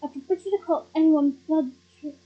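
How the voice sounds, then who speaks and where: A woman's voice: sits high, a little fast, phone-quality sound, lightly acted. A woman voicing a determined teenage boy wizard who speaks urgently and gives commands, in a storybook reading. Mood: stern.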